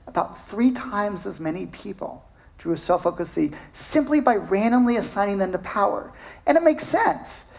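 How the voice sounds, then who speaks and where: A middle-aged man giving a keynote lecture as a professor, telling personal anecdotes with animated delivery. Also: vocal fry. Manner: animated storytelling, acts out quoted voices with big pitch jumps.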